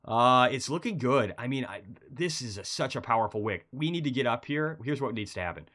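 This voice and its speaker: Slightly fast and medium in pitch, a man rambles through charts on his informal market commentary stream. He's low on energy from feeling unwell, yet has sudden animated bursts of excitement.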